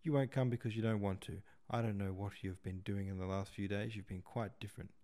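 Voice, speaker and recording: A man's voice: on the low side, steady tone, fairly quick, warm tone, natural voice. Man reading as a hurt, insistent young woman. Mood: angry. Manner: pleading, then flaring up.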